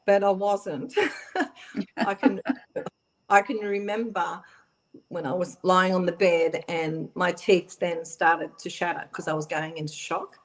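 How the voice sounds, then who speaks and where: A middle-aged woman recounts her own story for a radio interview. Her voice sits a little low, and she talks haltingly, often restarting and filling pauses. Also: steady tone. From Australia. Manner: halting, many fillers and restarts. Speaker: guest.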